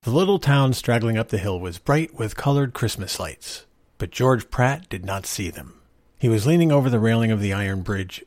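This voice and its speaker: Husky man reading a story. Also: fairly low pitch, darkish tone, dry recording. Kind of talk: reading a short story aloud.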